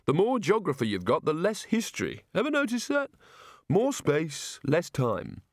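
A man voicing a nervous, tipsy male wizard who talks in excitable, rambling bursts. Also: a little high, moderate pace, no echo, studio quality, voice pushed up.

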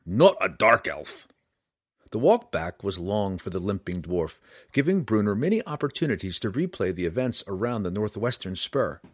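In clean, echo-free studio sound, a man with a fairly low voice narrates a fantasy adventure audiobook at a moderate pace. His storytelling is expressive and dramatic.

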